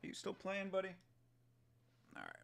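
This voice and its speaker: A man's voice: high-pitched, huge pitch swings, normal speed, gravelly, fairly bright tone, smooth. A man hosting a fight watch-along stream, chatting loosely with viewers, joking and swearing a lot. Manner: loose, profane, joking, talking to chat. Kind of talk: casual livestream chat reacting to fights.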